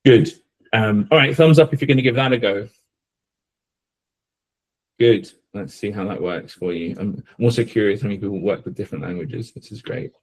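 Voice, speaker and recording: Man, webinar presenter, enthusiastic, quick asides, low pitch, husky edge.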